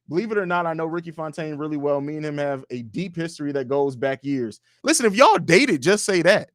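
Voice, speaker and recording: A young man hosting a casual fan livestream from his home studio, reading out viewer comments and trash-talking with profanity, his delivery swinging between loud bursts and low mumbles. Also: fast talker, hardly any pauses, no room sound. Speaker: livestream host.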